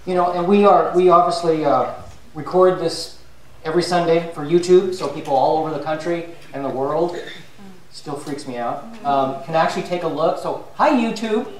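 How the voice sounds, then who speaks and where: A man's voice: fairly high pitch, moderate pace. A man leading a spiritual fellowship gathering in a chatty, jokey way, recorded from far off in a large room with an audience. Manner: chatty, jokey, self-mocking. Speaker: service leader. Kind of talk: casual joke-telling to a congregation. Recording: very echoey hall from far off. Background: audience laughing.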